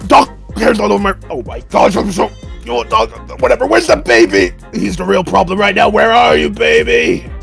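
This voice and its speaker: A man voicing a furious dad chasing his toddler in a comedic game role-play, shouting in exasperation. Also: high-pitched, vocal fry, heavily acted.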